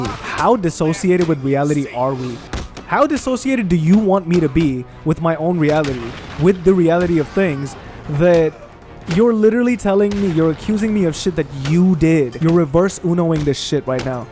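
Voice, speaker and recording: Young man ranting profanely, higher voice. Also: animated, normal speed, darkish tone, soft background music. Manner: profane, heated venting. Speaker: gaming video creator. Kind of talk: casual rant while playing a video game.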